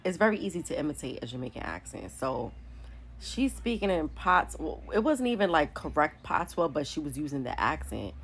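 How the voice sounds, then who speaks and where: A woman's voice: low voice, big pitch swings, fairly quick, slight background noise. A woman, telling a candid storytime to her phone camera, full of likes and whatevers. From New York City. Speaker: vlogger. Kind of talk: casual storytime monologue.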